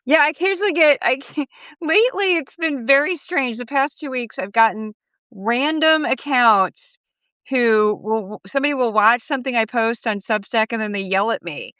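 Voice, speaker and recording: A woman guest in a casual interview, her voice smooth and clear in a dry, close-miked sound. She tells her stories with animation and slips into other people's voices when she quotes them. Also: on the high side, moderate pace, a bit bright, no room sound. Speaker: guest commentator.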